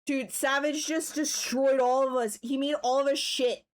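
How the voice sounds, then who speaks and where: A woman chatting casually on a live stream, excitable and swearing freely, bursting into yells and then apologizing. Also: sits high, moderate pace. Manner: swears freely, playful trash talk. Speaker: livestreamer sculpting on stream.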